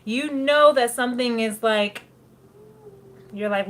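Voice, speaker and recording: A woman's voice: a little high, slow pace, long pauses, a bit bright. Chatty woman doing a tarot reading. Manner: chatty, laughs often, slips into quoted asides. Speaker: tarot reader.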